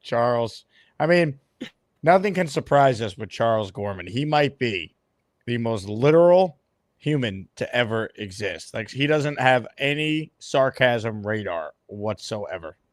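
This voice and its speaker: A man chatting casually as a guest, with an easygoing, dry sense of humor. His voice sits in a middle pitch and sounds dry, with no room echo. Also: animated, measured pace. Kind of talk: casual chat.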